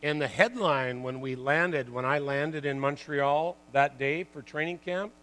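A man in his sixties, a former pro hockey player, telling lively stories to an audience, full of "you know" and "like" and laughing at his own tales. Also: mid-range voice, measured pace, low-quality recording. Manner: chatty, lots of "you know" and "like". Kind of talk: storytelling talk to an audience.

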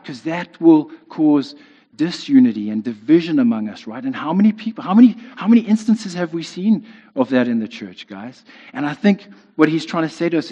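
Speaking in a slightly high, somewhat mellow voice, a male preacher delivers his sermon like a conversation and keeps asking "right?" Long hall reverb hangs over the dull, lo-fi sound.

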